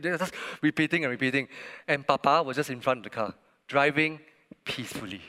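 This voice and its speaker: A man preaching a sermon, telling a family story in an earnest, animated way with emphatic pauses. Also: medium pitch. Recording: long reverb of a large hall.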